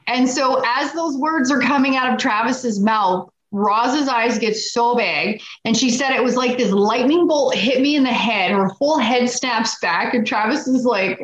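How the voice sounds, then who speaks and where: An animated woman tells a personal story in a relaxed, chatty way and slips into quoted voices as she goes. Her voice is captured in an echoey room on a dull, lo-fi recording. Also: a little high, normal speed. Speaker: guest. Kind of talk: casual storytelling.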